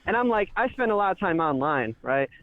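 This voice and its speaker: Animated man calling in over a phone line. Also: high voice, brisk, no echo. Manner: animated, acts out shouted quotes. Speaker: caller. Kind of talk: casual storytelling on a call-in show. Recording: tinny phone line, dry.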